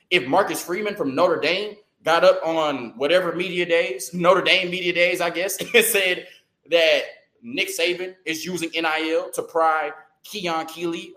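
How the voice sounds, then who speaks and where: A man hosting a sports show, delivering a heated, opinionated rant full of rhetorical questions and tag-on "right?", talking fast and stumbling over words when excited. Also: fairly high pitch, reverberant, poor audio.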